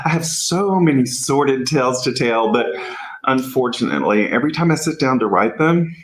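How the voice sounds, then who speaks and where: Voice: mid-range voice, lively intonation, normal speed, close to an everyday voice, poor audio. A performer playing a flamboyant, suggestive priest. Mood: campy. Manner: arch, campy.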